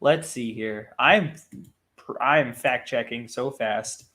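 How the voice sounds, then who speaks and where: A man co-hosting a casual react chat, excited and halting, with lots of fillers. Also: mid-range voice. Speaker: co-host.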